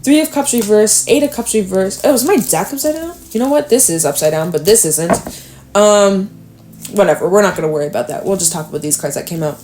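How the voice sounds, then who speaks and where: A young woman doing a casual tarot reading, chatty and thinking out loud with sudden exclamations. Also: medium pitch, lively intonation, a little fast, faint music behind. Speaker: tarot reader.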